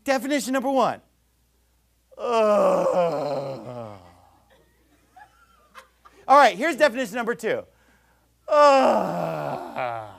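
A man's voice: extremely high pitch, expressive, rapid-fire, few pauses, a bit bright, no echo. A man imitating another preacher's chirpy, over-cheerful way of talking, as if to toddlers. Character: grown male preacher, chirpy sing-song tone.

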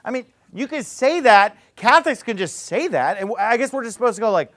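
A man's voice: very high voice, lively intonation, brisk, hardly any pauses, a bit bright. A man preaching a sermon, full of rhetorical questions and sarcastic jabs. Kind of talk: fiery street-preacher sermon.

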